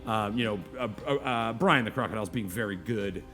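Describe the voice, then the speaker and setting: A man narrating as game master, rambling with many fillers and now and then squeaking out children's voices. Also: a little fast, a bit bright, soft background music.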